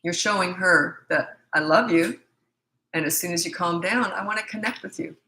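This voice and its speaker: A woman's voice: on the low side, normal speed, pushed and bright, slight background noise. A middle-aged woman parenting coach answering viewer questions in a live Q&A, blunt, confident and emphatic. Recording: echoey room.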